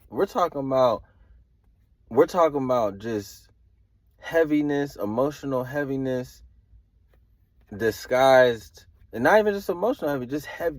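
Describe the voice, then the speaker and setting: A man reading tarot cards in an easygoing, rambling way, full of slang and hedges. His voice sits at an ordinary middle pitch. The sound is dry and close, with no room echo. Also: a little mellow. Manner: rambling and hedging, slangy filler talk. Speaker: tarot reader.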